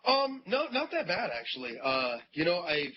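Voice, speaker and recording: A man's voice: on the high side, very animated, moderate pace. A man from North Dakota answering interview questions in a dry, self-deprecating way. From North Dakota, USA. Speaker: interview guest. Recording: muffled, with noticeable background noise.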